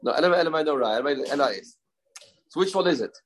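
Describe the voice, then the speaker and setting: A man's voice: a little high, expressive, very fast, a little hiss or hum, rough recording. A man teaching a daily Talmud class, mixing English with Hebrew and Aramaic terms and asking rhetorical questions.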